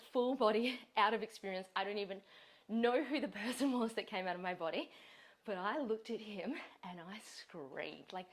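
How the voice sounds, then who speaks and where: A woman, a fitness coach and host, telling a story in casual chat, animated, laughing often and swearing freely. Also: mid-range voice.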